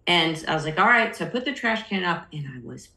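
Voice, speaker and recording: A middle-aged woman speaks candidly as a podcast guest and tells her personal story. She often slips into the voices of people she quotes. Her voice sits a little low but sounds bright, and the recording carries a roomy echo. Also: big pitch swings, fast talker.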